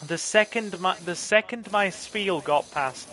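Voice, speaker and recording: Earnest man, fairly high voice. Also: steady tone, a little slow, hardly any pauses, bright, forceful tone, a little hiss or hum, rough recording. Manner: earnest, ranting political talk with many restarts. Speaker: gaming channel host and campaign volunteer. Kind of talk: casual chat while playing a game.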